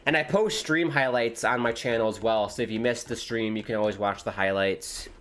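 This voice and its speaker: A man chatting casually on a live football watchalong stream, rambling between excited reactions to the match. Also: lowish voice, fairly quick, a little hiss or hum.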